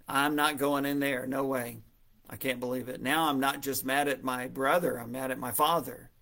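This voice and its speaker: A man voicing a resentful, hardworking elder brother who indignantly complains, with a gravelly voice. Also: mid-range voice, fairly even intonation, moderate pace, bright, forceful tone. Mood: angry. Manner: indignant, sulking.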